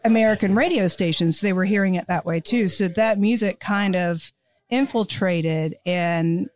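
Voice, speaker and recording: A woman's voice: mid-range voice, normal speed. A woman co-hosting a casual podcast, explaining music history at length in a knowledgeable way, with frequent fillers. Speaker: podcast co-host.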